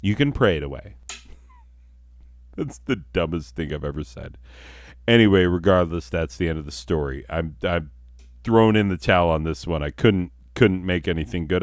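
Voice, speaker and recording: A man's voice: sits low, expressive, normal speed, no echo, studio quality. A man telling a comic story with rambling, self-mocking asides. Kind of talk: comedic storytelling.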